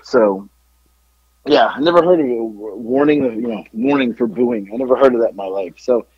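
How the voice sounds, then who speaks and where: A man co-hosting a podcast, slightly hoarse from yelling, telling animated stories in casual chat. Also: medium pitch, normal speed, no echo, muffled recording. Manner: animated storytelling, yelling out quotes. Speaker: podcast co-host.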